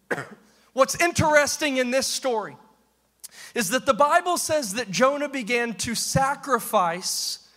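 In a pentecostal-style sermon, a man with a remarkably high, ringing, bright voice alternates hushed asides with shouted refrains that are half sung. A rhythmic, sing-song cadence drives his preaching forward.

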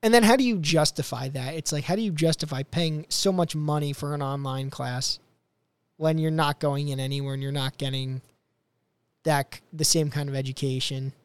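A man's voice: fairly high pitch, steady tone, normal speed, clean tone, dry recording. A young man hosting a podcast, chatting casually and loosely about clips he plays, full of fillers and restarts. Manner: rambling, filler-heavy. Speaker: podcast host.

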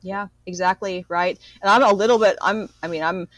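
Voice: medium pitch, steady tone, fairly quick, fairly bright tone, no echo, low-quality recording. Earnest forty-year-old podcast guest, dry sound. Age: 40s. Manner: earnest, full of fillers, acts out own past reactions. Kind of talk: casual podcast conversation.

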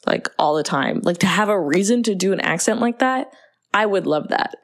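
A young woman co-hosting a podcast in casual chat, animated and swearing, breaking into playful impressions. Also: medium pitch, moderate pace. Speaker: podcast co-host.

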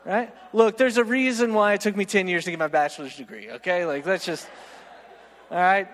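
Male preacher with a high voice, lively self-mocking anecdotes, echoing through a big church hall. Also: fairly quick. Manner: animated, self-mocking storyteller, keeps asking "right?". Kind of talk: storytelling sermon. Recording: long reverb of a large hall.

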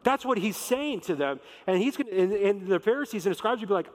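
A man's voice: high-pitched, animated, quick pace. A man preaching a sermon in a conversational, emphatic way, acting out quotes. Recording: long reverb of a large hall.

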